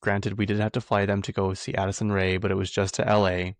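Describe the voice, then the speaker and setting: Chatty low-voiced man dishing gossip. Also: flat delivery, fast talker, no room sound. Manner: chatty, rambling, heavy use of "like". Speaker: podcast host. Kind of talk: casual pop-culture gossip chat.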